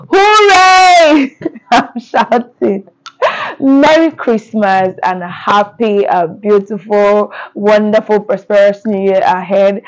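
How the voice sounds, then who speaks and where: A woman's voice: mid-range voice, darkish tone, low-quality recording. A woman vlogger talking casually to her viewers, bubbly and effusive, often laughing. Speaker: lifestyle vlogger. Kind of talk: casual talk to camera.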